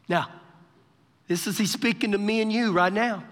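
A male pastor delivering a live sermon, his voice pitched high and ringing bright. He talks in an animated way, acting out scripture quotes with shifting voices. The recording carries a long reverb from the church hall. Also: normal speed, pauses often. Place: church sanctuary during a service.

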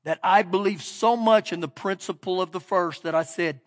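A man's voice: high-pitched, normal speed. A middle-aged man preaching a sermon, telling stories in a folksy way and building to emphatic points. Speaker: pastor. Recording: long reverb of a big hall.

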